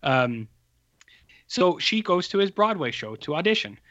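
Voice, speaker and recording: Animated, profane man on a lo-fi call. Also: high-pitched, unhurried. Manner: rambling, profane, animated storytelling. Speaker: podcast co-host reviewing movies. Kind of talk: casual chat. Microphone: remote call. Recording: muffled lo-fi call audio.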